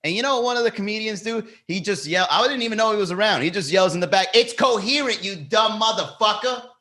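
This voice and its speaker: A man hosting a comedy podcast, telling a story in a casual, animated rant, swearing freely and joking with the live chat. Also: high voice, rapid-fire. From Miami. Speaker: podcast host.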